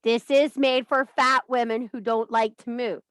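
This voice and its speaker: A woman's voice: fairly high pitch, steady tone, normal speed, no echo. A woman hosting a casual spiritual coaching talk who swears freely, laughs at her own jokes and talks in a bawdy, joking way. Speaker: host of a witchcraft and wellness group.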